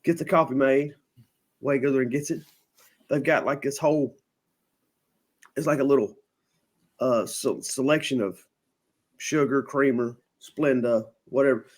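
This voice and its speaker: A man's voice: medium pitch, a little slow, long pauses. A man hosting a podcast, casually telling a long funny story and mimicking the people in it. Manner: animated anecdote teller, mimics people he quotes. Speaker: podcast host.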